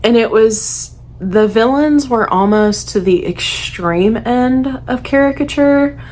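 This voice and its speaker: Unhurried frank woman reviewing a book. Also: a little high, darkish tone. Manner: frank, exasperated, sighs and laughs. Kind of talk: casual book review to camera.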